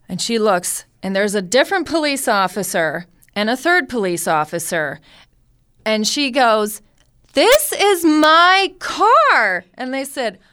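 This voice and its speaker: A woman in her thirties telling a personal family story with lively, animated delivery. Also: mid-range voice, clear, resonant tone. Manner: lively, animated retelling with acted-out quotes. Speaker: storyteller guest.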